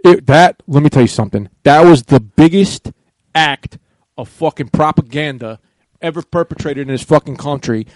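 A man's voice: fairly high pitch, moderate pace, a little mellow, no room sound, low-quality recording. A man co-hosting a casual podcast, arguing his points emphatically and swearing a lot. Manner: emphatic, argumentative, heavy swearing. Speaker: podcast co-host. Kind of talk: casual banter.

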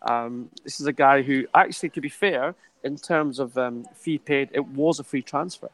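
A man of middle pitch telling football stories in a relaxed, chatty podcast style. He laughs often and drifts between asides. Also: normal speed, low-quality recording. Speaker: football transfer journalist. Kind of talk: podcast discussion.

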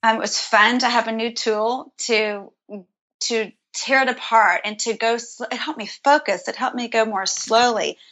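A woman in her thirties, an interview guest, telling her story earnestly and warmly with soft restarts. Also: a little high, moderate pace, lo-fi sound. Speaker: podcast guest, creator of a Bible study method. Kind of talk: casual conversational interview.

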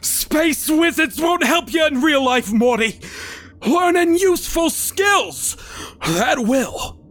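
A man voicing a stern, preachy middle-aged father who lectures his son loudly in a horror story reading. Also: expressive, takes it slowly, heavily acted. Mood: lecturing. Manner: loud, lecturing, high-pitched.

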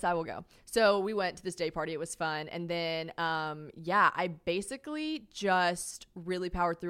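Podcast host, woman, late 20s, casual storyteller, animated, salty, plays out every quoted line. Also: smooth. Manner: animated, swears, acts out quotes with jumps in pitch and volume, laughs often. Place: her apartment.

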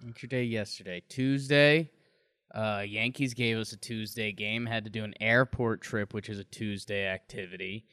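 A man with a smooth, clean voice chats casually as a podcast co-host. He jokes in a dry, teasing way. The sound is close and dry, with no room around it. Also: on the low side, fairly even intonation, moderate pace, fairly bright tone, no room sound. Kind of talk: casual chat. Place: home.

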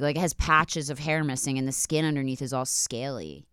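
A woman's voice: extremely low pitch, a little fast, a bit bright, clean tone, dry recording, clean studio sound. A woman co-hosting a podcast, telling a story in a chatty way and swearing freely. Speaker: podcast co-host. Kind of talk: casual podcast chat.

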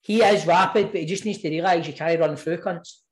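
A Scottish man co-hosting a football podcast, telling stories in an animated, sweary way. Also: fairly high pitch, fairly quick. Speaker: podcast co-host. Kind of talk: casual football chat.

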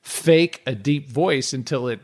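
A man co-hosting a podcast in easy, casual conversation. He tells stories with dry, wry humor. His pitch sits in the ordinary middle range for a man. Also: measured pace. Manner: storytelling, wry and joking. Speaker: podcast co-host. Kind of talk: casual chat.

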